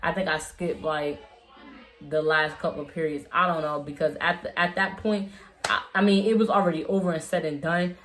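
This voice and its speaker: Young woman, lowish voice, casual slangy storyteller, rambles, restarts a lot. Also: fairly even intonation, moderate pace, a bit bright. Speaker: vlogger.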